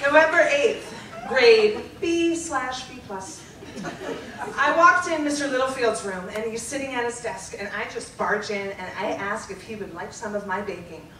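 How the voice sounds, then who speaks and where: A young adult woman reads her teenage diary aloud on stage in front of a live audience, animated and emphatic and often breaking into laughter. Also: on the high side, normal speed. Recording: roomy live venue, distant mic, loud audience laughter. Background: loud crowd laughter and noise.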